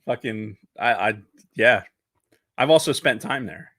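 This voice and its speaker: A man's voice: lowish voice, a bit bright, dry recording. A man co-hosting a podcast in casual chat, rambling with restarts and frequent swearing. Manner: rambling, profane, halting restarts. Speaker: podcast co-host.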